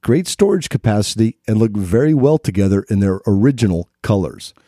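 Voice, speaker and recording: A man's voice: on the low side, expressive, fairly quick, dark tone, no room sound. A man co-hosting a casual podcast chat, jokey and self-deprecating as he reads a listener letter. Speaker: podcast co-host.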